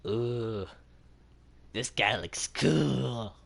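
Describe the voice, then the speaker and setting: A man narrating his own gameplay in a slow, rambling way, often poking fun at himself. His voice swings widely in pitch and sometimes leaps into squeaky highs. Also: expressive. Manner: rambling, self-mocking, talks to himself and his in-game character; unhurried, with sudden squeaky jumps in pitch. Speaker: gaming channel host. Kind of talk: casual gameplay commentary.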